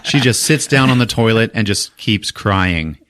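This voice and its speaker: A man's voice: on the low side, unhurried, slight background noise. A man hosting a podcast, recapping a movie in casual chat, swearing freely and acting out the characters' lines. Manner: animated, swears a lot, acts out characters' lines. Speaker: podcast host.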